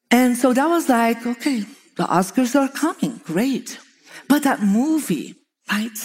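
Woman telling lively stories. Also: a little high. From Belgium. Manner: lively anecdotal telling, often laughing, acting out quoted dialogue. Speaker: feng shui teacher. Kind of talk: storytelling talk to an audience.

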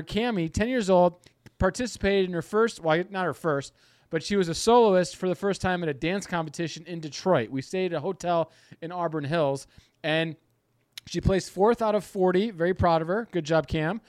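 A man's voice: sits high, normal speed, no echo, studio quality. A man in his thirties, a podcast co-host, chatting casually and rambling a bit. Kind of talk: casual chat.

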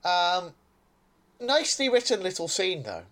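A man's voice: sits high, wildly swooping pitch, unhurried, a bit bright. Chatty, sarcastic man. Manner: chatty, sarcastic, laughs often. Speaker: podcast co-host. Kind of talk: casual chat reviewing a TV episode.

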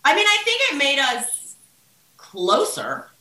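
A woman podcast guest speaking in a reflective, measured way. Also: high-pitched, huge pitch swings, pushed and bright. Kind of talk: casual chat. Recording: roomy echo.

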